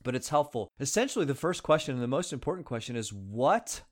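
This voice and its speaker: A man talking straight to his audience with lively, upbeat energy, like a coach giving practical advice. His voice sits at an ordinary middle pitch, and he keeps things casual, often stopping to check in with listeners. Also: fairly quick. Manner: energetic, conversational, often checks in with "okay?" and "you guys". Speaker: relationship advice speaker. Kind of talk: motivational talk to viewers.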